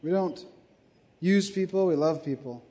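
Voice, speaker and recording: A man preaching a sermon in a church, emphatic, with frequent "right?" asides, moving between loud bursts and quieter asides. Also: high voice, unhurried.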